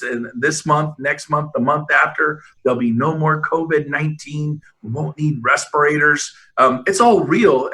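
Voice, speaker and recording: A man speaks with a bright, forceful edge, pressing every point like a rallying speech. He tells stories in an emphatic, rambling way, stumbling and restarting as he pushes on. It sounds like a video call. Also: a little high. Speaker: real estate brokerage leader, panel host. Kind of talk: motivational panel talk with storytelling.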